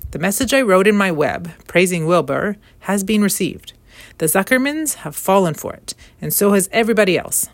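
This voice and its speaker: A woman voicing a wise, composed female barn spider in a storybook reading, speaking crisply and with command. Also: lowish voice, dry recording. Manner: crisp and commanding, precise wording.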